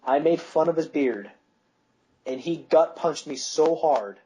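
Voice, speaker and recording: A man's voice: on the high side, unhurried, mellow, highs cut off. A young man co-hosting a podcast, rambling through school stories and laughing at his own anecdotes, with a voice that cracks. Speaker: podcast co-host. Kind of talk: casual chat.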